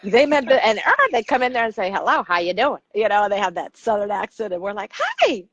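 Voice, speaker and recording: A woman's voice: mid-range voice, fast talker, no room sound, muffled recording. A middle-aged woman from the United States, a coach, telling stories in a casual interview and acting out the people she quotes. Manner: animated storyteller, acts out quotes. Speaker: podcast guest, coach.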